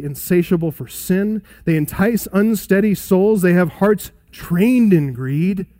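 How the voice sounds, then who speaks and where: A man with a fairly high voice preaches an expository sermon. He is emphatic, then sinks into hushed, solemn asides. The sound is dry and close to the mic. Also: dry recording. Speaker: pastor.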